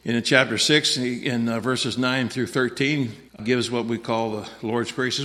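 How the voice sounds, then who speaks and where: A man's voice: medium pitch, fairly even intonation, moderate pace, pushed and bright, big-room sound. A man preaching a sermon in a folksy, repetitive way, dropping in frequent amens.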